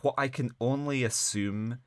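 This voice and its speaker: A man's voice: medium pitch, a little slow, clear, resonant tone, no echo. A man co-hosting a podcast, chatting casually about a bad film in a wry, rambling way. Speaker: podcast co-host. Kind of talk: casual chat.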